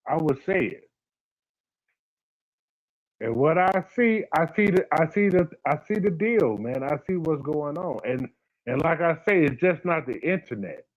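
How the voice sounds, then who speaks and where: A man's voice: on the high side, expressive, a little slow, lo-fi sound. A man hosting a casual livestream, talking bluntly, repeating his points and addressing viewers by name. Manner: blunt, repeats himself, talks to chat by name. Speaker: livestream host.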